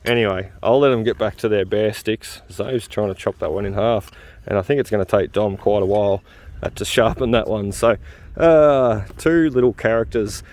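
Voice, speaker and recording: On the low side and a little mellow, this man's voice moves at normal speed as he hosts a detecting vlog outdoors in a field. His talk is casual and chatty, full of easy laughs and "uh"s.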